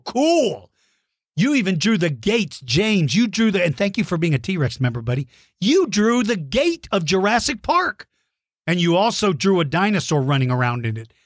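A man's voice: high voice, a bit bright, no echo, studio quality. A man hosting a podcast, reading listener mail and cheering kids on with playful encouragement. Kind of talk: enthusiastic shout-outs to kids.

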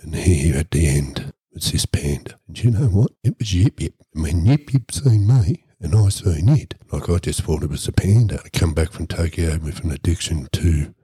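Australian man, podcast host, rumbling low and dark, deadpan crude yarn-spinner, dry close mic. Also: moderate pace, hardly any pauses, breathy edge, no echo. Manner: deadpan, swearing constantly. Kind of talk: crude comic storytelling.

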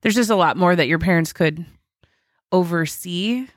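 A woman co-hosting a podcast, talking casually in a slow, deliberate way, full of "like". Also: fairly low pitch, dry recording, clean studio sound. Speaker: podcast co-host. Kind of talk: casual chat.

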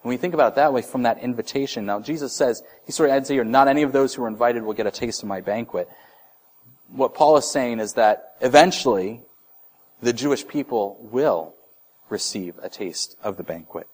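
A man's voice: medium pitch, a little fast, darkish tone. Man preaching a conversational sermon. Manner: conversational, with restarts and acted-out voices. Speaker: pastor.

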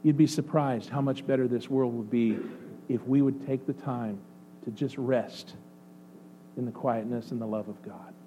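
A male pastor preaching a sermon, swinging between excited outbursts and soft, hushed passages. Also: medium pitch, normal speed, lo-fi sound. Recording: faint mains hum. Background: faint electrical hum.

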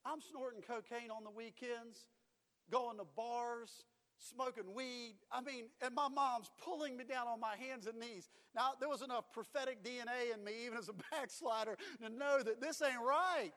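Man, pastor, sermon, emphatic, repetitive, bright tense voice, long hall reverb. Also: very high voice, fairly even intonation, normal speed. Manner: emphatic preaching with repeated phrases, dropping to storytelling.

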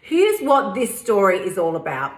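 A woman's voice: medium pitch, sing-song, moderate pace. A woman hosting a podcast, talking in a chatty, emphatic way with playful asides. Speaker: podcast host. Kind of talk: casual motivational podcast talk. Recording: roomy sound with faint music.

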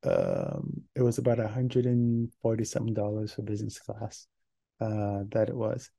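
A man's voice: fairly low pitch, expressive, normal speed, creaky, dark tone, slightly rough. A man hosting a casual solo podcast, rambling with many fillers and restarts, and acting out the voices in his story. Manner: acts out quoted voices in an anecdote. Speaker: podcast host.

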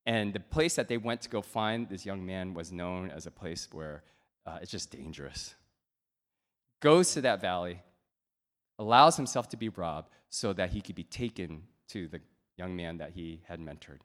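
A man preaching a sermon in a conversational way, often checking in with "right?" and pausing on fillers. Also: low voice, a bit bright. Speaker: pastor.

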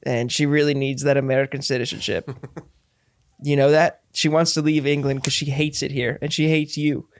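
A man's voice: medium pitch, little pitch movement, normal speed. Giggly man in mock-earnest role-play. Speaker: podcast guest. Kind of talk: improvised comedy role-play and casual chat.

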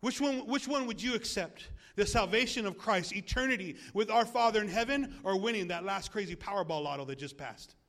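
A male pastor preaching a sermon in a church, animated and jokey, asking the congregation questions. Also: high-pitched, brisk, gravelly, few pauses.

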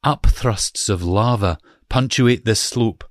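A man putting on a Scottish accent to read a descriptive passage aloud, slow and deliberate. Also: lowish voice, no echo, clean studio sound. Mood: reciting. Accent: put-on Scottish.

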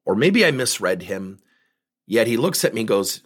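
A man's voice: fairly low pitch, normal speed, husky. A man coaching on sales, telling stories and acting out both sides of the conversations. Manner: lively storyteller who acts out both sides of conversations. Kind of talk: storytelling talk.

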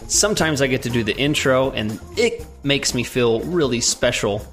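A man hosts a casual Q&A show in a medium-pitched, everyday voice. He reads listener questions aloud and slips in teasing jokes about his co-host. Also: lively intonation, normal speed, a bit bright, faint music behind. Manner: joking, teasing. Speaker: podcast co-host.

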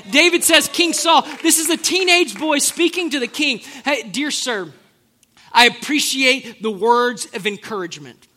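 A man preaching a sermon as an animated storyteller, with joking, playful asides to the congregation. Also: extremely high pitch. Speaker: pastor.

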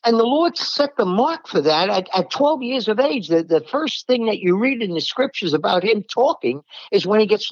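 A plain-spoken preacher man from New York gives a Bible-teaching sermon, blunt and emphatic. His pitch swings up and down with a lot of life. The recording is dry and sounds dull and lo-fi. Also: no echo.

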